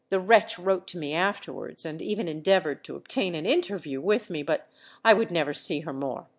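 A woman reading the part of a remorseful aristocratic nobleman in an audiobook, in measured, earnest storytelling. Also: on the low side.

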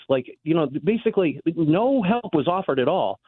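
A man calling in to a radio talk show, talking earnestly and getting emotional, with halting restarts. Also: on the high side, expressive, breathy edge, no echo. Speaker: caller. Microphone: phone. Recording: tinny phone line.

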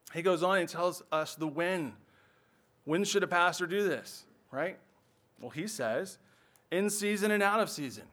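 A man's voice: a little high, fairly bright tone. A man preaching as a pastor in a church, earnest and explanatory, often checking in with "right?". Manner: earnest preaching, frequent "right?" tag questions. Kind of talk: sermon.

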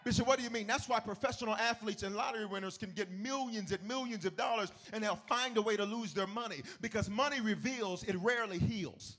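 High-voiced man preaching in call-and-response. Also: a little fast, few pauses. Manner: call-and-response preaching, rising into shouted, sung cadences. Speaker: pastor. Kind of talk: sermon. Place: church service.

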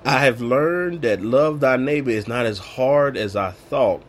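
A man's voice: medium pitch, a little slow, slight background noise. A man giving an informal sermon, preaching in an emphatic, colloquial way. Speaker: Bible teacher.

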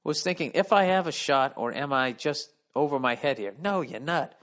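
Animated, profane man ranting on a podcast. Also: on the high side, moderate pace. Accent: Boston. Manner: profane, animated, reads listener letters aloud and riffs. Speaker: podcast host. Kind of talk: solo comedic podcast rant.

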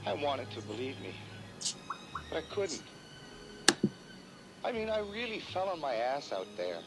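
A remorseful young man pleads to win back his ex. His voice rises and falls with feeling. Film music plays clearly behind him. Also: on the high side, very animated, measured pace, rough recording. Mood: pleading. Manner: pleading, apologetic.

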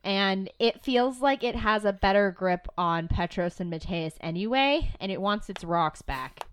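A woman's voice: medium pitch, animated, measured pace, clear, resonant tone. A woman acting as game master, narrating the scene in a loose, easygoing way and giggling often.

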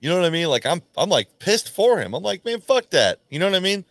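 A man hosting a podcast, telling a rambling, profane story in casual chat, often restarting his sentences and acting out quoted lines in a louder, higher voice. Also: animated, fast, dry recording. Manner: acts out quoted lines with sudden jumps in pitch. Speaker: podcast host.

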